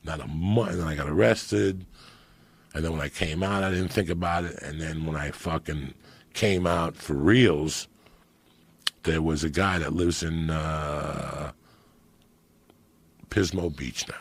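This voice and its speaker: A middle-aged man, telling profane street stories on a podcast, swinging between loud bursts and hushed asides. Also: rumbling low, a little slow, vocal fry, long pauses, breathy edge, no echo. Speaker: comedian guest. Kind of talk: storytelling podcast chat.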